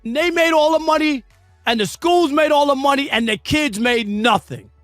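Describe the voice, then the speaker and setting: Male radio host, high voice, dry studio sound, indignant and shouting. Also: normal speed, dry recording, soft background music. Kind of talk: opinionated sports radio rant.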